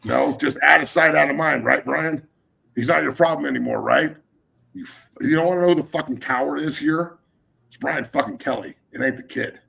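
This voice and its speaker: A man's voice: a little high, brisk, creaky, pushed and bright. A middle-aged man hosting a sports talk show, ranting in a heated, profane way and getting fired up. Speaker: podcast host.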